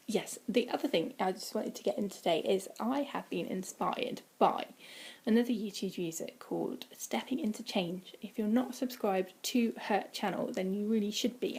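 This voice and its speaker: Mellow, husky woman chatting. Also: medium pitch. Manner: chatty and rambling, many ums, quiet breathy asides. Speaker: vlogger. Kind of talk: casual weight-loss vlog. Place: indoors at home, by a window.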